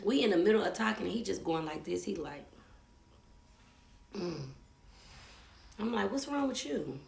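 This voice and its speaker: Gravelly-voiced woman telling a story. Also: lowish voice, moderate pace, reverberant. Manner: animated, profane, acts out quotes. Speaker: storyteller host. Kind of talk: casual live storytelling.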